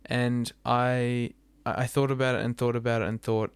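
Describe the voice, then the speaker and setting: A man's voice: mid-range voice, level tone, moderate pace, hardly any pauses, smooth, no echo. A man with an Australian accent, hosting a casual podcast chat, often stumbling and restarting his sentences. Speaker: podcast host.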